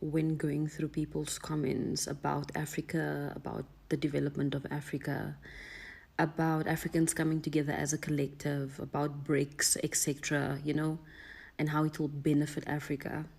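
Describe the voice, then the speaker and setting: A woman speaks to the camera in a calm, measured, thankful way. Her voice is low and husky, with a gravelly edge and a dark tone. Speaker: social media commenter. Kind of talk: casual talk to camera.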